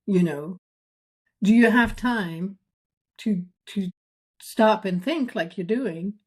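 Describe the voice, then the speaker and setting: A woman's voice: medium pitch, slow pace, a little mellow, breathy edge. A woman co-hosting a podcast, thinking aloud in casual chat with hedges and fillers.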